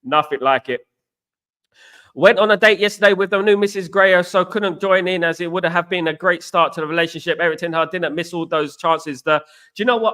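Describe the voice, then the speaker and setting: A man's voice: high-pitched, a little fast, bright, forceful tone. A man hosting a casual live stream, chatting and greeting viewers by name as he reads their comments. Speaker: livestream host.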